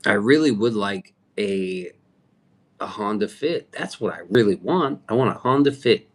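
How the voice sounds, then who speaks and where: Brief: male streamer, low voice, profane rambling chat, reacting to the comments. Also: expressive, unhurried. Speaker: livestream host. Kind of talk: casual livestream chat.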